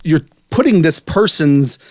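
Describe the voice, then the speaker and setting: A man's voice: on the high side, animated, a little slow, a little mellow, no echo, clean studio sound. A man from West Virginia co-hosting a podcast in casual chat, amused and spelling words out letter by letter. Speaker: podcast co-host.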